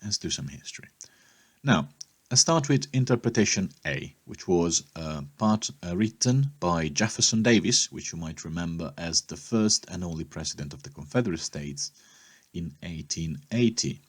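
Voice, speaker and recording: Brief: male history teacher, low and husky, explanatory lesson delivery. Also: animated, moderate pace. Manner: explanatory, checks in with "okay?".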